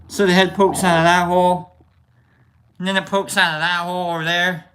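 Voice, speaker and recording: Male stream host, bright and slightly high voice, loose rambling anecdotes. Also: a little fast, slight background noise. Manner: animated, rambling with restarts. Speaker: livestream host. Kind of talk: casual storytelling to chat.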